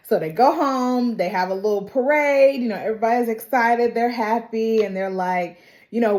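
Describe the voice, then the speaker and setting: A woman's voice: fairly high pitch, normal speed. Chatty woman recapping a movie. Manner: chatty, animated, acts out characters. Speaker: movie review vlogger.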